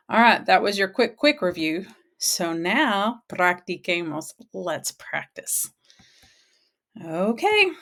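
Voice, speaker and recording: A woman teaching vocabulary in a cheerful, encouraging way, slowly repeating each word and praising the learner. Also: mid-range voice. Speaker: Spanish teacher. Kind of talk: slow, encouraging vocabulary drill.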